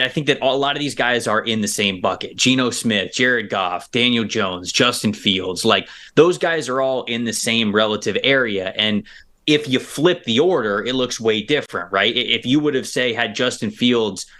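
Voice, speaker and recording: A man co-hosting a casual sports discussion as a football analyst, speaking over a remote video call and thinking out loud with quick repeated starts. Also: lowish voice.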